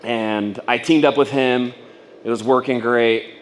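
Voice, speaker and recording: A man at a mid-range pitch tells a long personal story to a room of fellow business owners. He rambles casually, packs his talk with fillers, and slips into the voices of the people he quotes. A faint hiss sits underneath. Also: fairly even intonation, a little slow. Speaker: speaker at a business training event. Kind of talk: personal story told to an audience.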